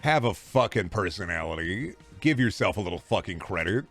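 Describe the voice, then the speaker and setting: A man's voice: sits low, lively intonation, fairly quick, gravelly, fairly bright tone, soft background music. A young man from Texas, ranting sarcastically and profanely during a casual stream chat.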